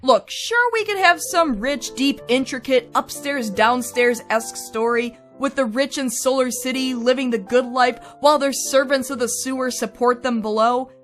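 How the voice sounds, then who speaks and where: A woman's voice: sits high, moderate pace, hardly any pauses, a bit bright, soft background music. A woman narrating a scripted game review in a wry, chatty way.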